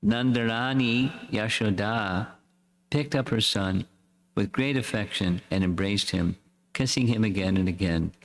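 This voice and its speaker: A man reading a devotional story aloud in a slow, measured way, as a swami. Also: lowish voice. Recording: echoey hall reverb.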